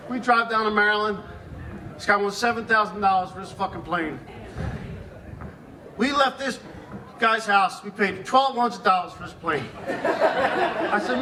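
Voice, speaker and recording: A man's voice: high voice, normal speed, long pauses, pushed and bright, slight background noise. A man who has been drinking gives a rambling, profane eulogy for a friend, swearing constantly and chuckling through his stories. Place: memorial gathering.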